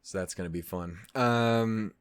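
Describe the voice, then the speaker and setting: A man's voice: lowish voice, unhurried, clean tone, dry recording. A man talking casually to the camera as a reaction host, rambling and swearing, restarting his sentences often. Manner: rambling, profane, frequent restarts and fillers. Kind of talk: casual commentary.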